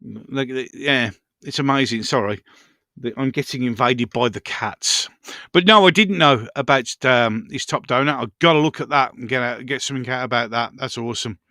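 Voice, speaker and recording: A man's voice: mid-range voice, normal speed, sharp tone, no room sound, clean studio sound. A man hosting a casual live stream, rambling through viewer comments and chatting to his pets.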